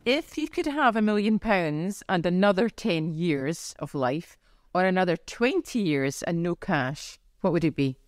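A woman's voice: lowish voice, expressive, a little slow, no echo. A woman co-hosting a podcast, chatting casually in a giggly, light-hearted way. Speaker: podcast co-host.

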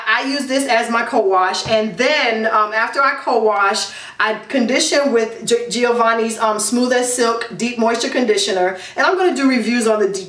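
A woman's voice: fairly high pitch, a bit bright. Chatty woman vlogger in an echoey room. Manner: chatty and emphatic, with many ums and repeats. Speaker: hair care vlogger. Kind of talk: casual product review vlog. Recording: echoey room, distant mic.

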